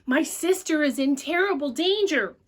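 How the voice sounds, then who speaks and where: A woman voicing an excited young boy who shouts high and urgently in a read-aloud storybook. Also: normal speed.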